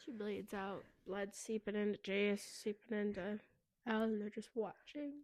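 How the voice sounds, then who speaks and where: A woman co-hosting a book podcast, retelling a plot in casual, profane, animated chat. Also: mid-range voice, moderate pace, no room sound. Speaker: podcast co-host.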